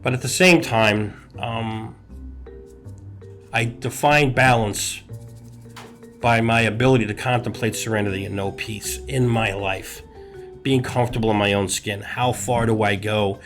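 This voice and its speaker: A middle-aged man, a hospital executive, talking earnestly and at a measured pace about balance on a podcast, building his points in short listed phrases. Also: lowish voice, fairly even intonation, fairly bright tone, soft background music. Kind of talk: reflective podcast talk.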